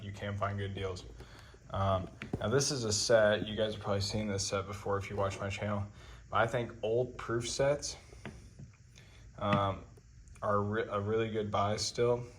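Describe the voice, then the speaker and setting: A man hosting a coin-collecting video channel, talking casually to camera in a relaxed, rambling way, with many ums and uhs. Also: fairly low pitch, noisy background.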